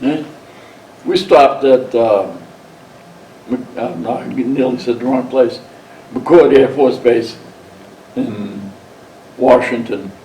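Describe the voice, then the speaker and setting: A man's voice: on the low side, warm tone, a little hiss or hum. A man in his seventies, a veteran telling his story in an oral history interview, blunt and profane in his words. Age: 70s. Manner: blunt and profane, retells scenes by quoting himself. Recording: roomy sound, mic set at a distance, faint background ambience.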